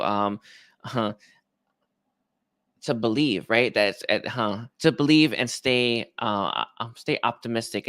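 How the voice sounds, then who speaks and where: A man giving a casual tarot reading, rambling and hesitant, with many restarts and soft laughs. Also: mid-range voice, no echo, studio quality. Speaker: tarot reader.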